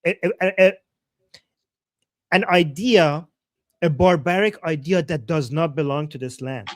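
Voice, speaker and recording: A man's voice: on the high side, measured pace, no room sound, studio quality. A man from Iran co-hosting a live stream, talking emphatically and repeating key phrases. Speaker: co-host and YouTuber. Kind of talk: casual live-stream chat.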